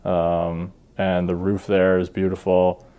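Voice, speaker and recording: A Canadian man in his thirties, a hockey goalie talking as a podcast guest in a relaxed, self-deprecating way with many ums and uhs. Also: deep voice, slow, clear, resonant tone. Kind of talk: relaxed interview chat.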